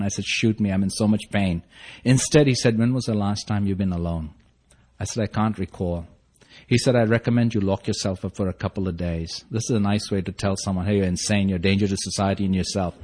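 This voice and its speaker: A man's voice: on the low side, a little mellow. A middle-aged man giving a personal recovery testimony, telling his story earnestly and rising into fervent bursts. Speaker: recovery meeting speaker.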